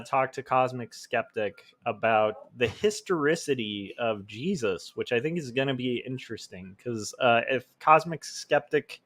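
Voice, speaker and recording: A man's voice: mid-range voice, fairly bright tone. A man in his forties talks casually to his viewers from home in a mid-range voice. He rambles, stumbles over words, and restarts sentences often. He makes easygoing, self-deprecating asides. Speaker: illustrator hosting his own livestream. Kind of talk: casual livestream chat.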